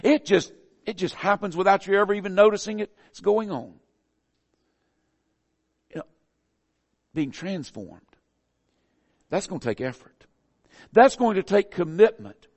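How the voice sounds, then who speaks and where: Southern preacher with a high, ringing voice. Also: male voice, expressive, a little slow, pauses often, long reverb tail. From American South. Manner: folksy, conversational preaching with rising emphatic phrases. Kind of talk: sermon.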